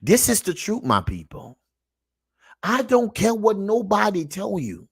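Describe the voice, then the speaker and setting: A man hosting his own show and reacting to clips with preachy commentary. He repeats himself, calls out to his audience, and swings from low muttering to loud emphatic shouting. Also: huge pitch swings, measured pace, vocal fry, breathy edge, no room sound, clean studio sound.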